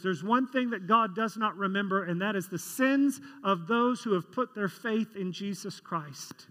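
A man's voice: sits high, normal speed, hardly any pauses, pushed and bright. A man preaching a sermon as a pastor, telling stories in a conversational way and asking the congregation questions. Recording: long reverb of a large hall.

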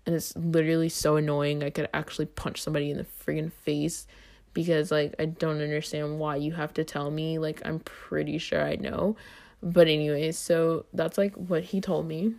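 A young adult woman talks casually on her podcast, slipping in constant "like"s and "um"s. Her voice sits a little low for a woman. She sounds loose and conversational, as if chatting with a friend. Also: level tone, normal speed, a little mellow. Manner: chatty, lots of "like" and "um" fillers. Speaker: podcast host. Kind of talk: casual storytelling monologue.

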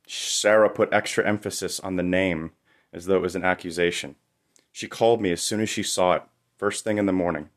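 A man's voice: low-pitched, fairly even intonation, brisk. A young man narrating a first-person memoir story in a wry, confessional way.

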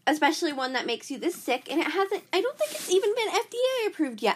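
A woman's voice: sits high, very animated, fast talker, few pauses. Chatty valley-girl podcaster woman. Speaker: podcast host. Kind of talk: casual podcast monologue.

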